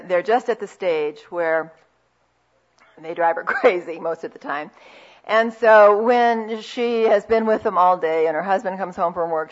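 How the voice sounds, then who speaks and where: A woman giving a conversational Christian talk on marriage, telling anecdotes and dropping into soft asides. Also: lowish voice. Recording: dull lo-fi recording.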